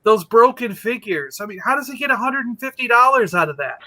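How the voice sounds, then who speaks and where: Casual male storyteller: high, very bright voice, animated, acts out the lines. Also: fairly quick. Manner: animated storyteller, acting out quotes. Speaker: podcast co-host. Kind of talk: casual chat.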